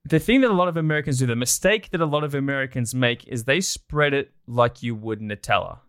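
A man's voice: mid-range voice, fast talker, a bit bright, clear, resonant tone, no room sound. Chatty Australian man, dry sound. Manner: enthusiastic, chatty. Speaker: guest, documentary producer. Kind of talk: casual interview chat.

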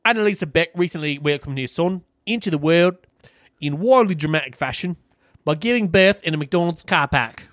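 A man's voice: fairly high pitch, lively intonation, fairly quick, a bit bright, no room sound. A man co-hosting a casual comedy podcast, crude and joking, reading a news story aloud with mocking asides. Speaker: podcast co-host.

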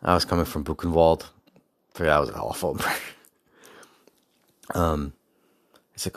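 Podcast host, young adult man, very deep voice, dry close sound, rambling storyteller with restarts. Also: animated, a little fast, long pauses, a bit bright, no room sound. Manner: rambling, with frequent restarts and asides; faith-focused reflection. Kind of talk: casual personal storytelling.

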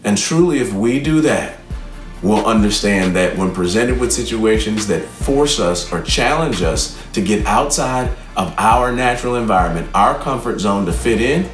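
Earnest low-voiced man giving a motivational talk. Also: animated, moderate pace, faint music behind. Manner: earnest, preacherly. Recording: roomy echo, from a distance.

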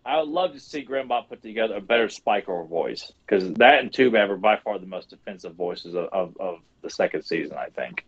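Podcast co-host: low-pitched man, casual and animated, a bit dull and lo-fi in sound. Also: a little fast, few pauses, breathy edge. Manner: animated, swears, restarts often. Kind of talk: casual chat.

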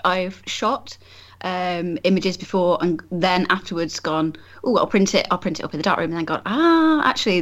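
A woman photographer talking as a guest in a casual podcast conversation, chatty and friendly, with many fillers and restarts. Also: lowish voice.

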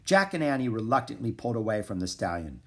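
Brief: male storybook narrator, expressive, lively intonation, husky tone. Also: lowish voice, fast. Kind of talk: reading a children's book aloud.

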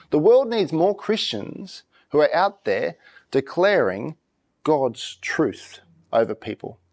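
A pastor preaching a conversational sermon, reading scripture slowly and with emphasis. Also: male voice, on the high side, a little mellow.

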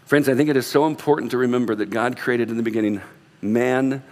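A man, a pastor with young sons, preaching an animated sermon to his congregation and acting out quoted voices. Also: mid-range voice, fairly quick. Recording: long reverb of a large hall.

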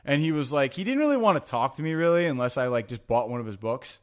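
A man in his own relaxed talking voice, spinning loose, meandering stories. He swears freely and leans hard on fillers like "like" and "you know," restarting as he goes. It sounds like easy, offhand banter between friends. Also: mid-range voice, fast. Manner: rambling, profane, filler-heavy anecdotes. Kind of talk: casual storytelling chat.

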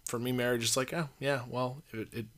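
Casual podcast co-host, male, bright voice, mid pitch, rambling with "like" fillers. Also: steady tone, fairly quick, slight background noise. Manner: rambling, hesitant, full of "like" fillers. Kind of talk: casual chat.

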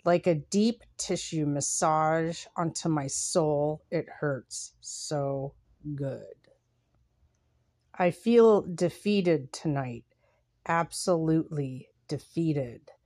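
A woman hosting a podcast, talking softly and reflectively with pauses, then reading her own writing aloud. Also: sits low, dry recording, studio quality. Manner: soft, unhurried and reflective, with pauses. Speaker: podcast host.

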